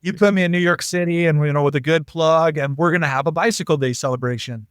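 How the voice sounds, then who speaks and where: A fairly high-pitched man chatting as a podcast guest, telling loose, lively anecdotes and slipping into quoted voices. The sound is dry and close, with no room around it. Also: fast talker, clear, resonant tone, dry recording. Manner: animated, jumps into quoted voices. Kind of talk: casual anecdotal storytelling.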